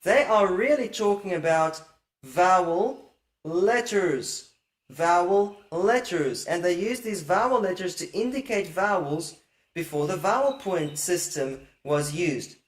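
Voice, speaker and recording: A man giving a patient, explanatory lecture on Hebrew grammar, often asking rhetorical questions and checking that listeners follow. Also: fairly high pitch. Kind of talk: explanatory lecture over slides.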